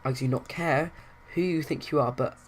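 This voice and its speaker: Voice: medium pitch, moderate pace, close to an everyday voice, rough recording. A player voicing a loyal young woman who stands up for her friend. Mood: angry. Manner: firm and indignant.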